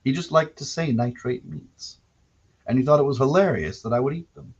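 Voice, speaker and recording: A man's voice: mid-range voice, moderate pace, slightly rough. A man from Canada hosting a solo podcast, telling rambling, digressive anecdotes with wry self-corrections. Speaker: podcast host. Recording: dull lo-fi recording.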